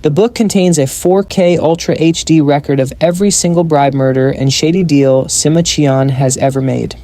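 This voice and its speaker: A man's voice: a little high, steady tone, moderate pace, warm tone. A man narrating a comic story recap in a scripted style, dropping wry joking asides.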